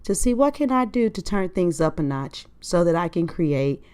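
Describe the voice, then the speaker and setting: Woman, podcast host, lower voice, casual solo talk full of rhetorical questions. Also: sing-song, moderate pace, a little mellow, clear, resonant tone.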